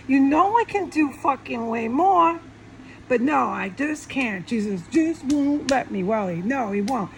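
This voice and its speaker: A woman delivers a heated solo rant, swearing often and circling back over the same points. Her voice sits a little high and carries a gravelly, fried texture. She talks straight at her viewers. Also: lively intonation, measured pace, a little mellow, a little hiss or hum, poor audio. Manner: profane, agitated, repetitive. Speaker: vlogger. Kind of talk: angry monologue rant. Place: alone at home.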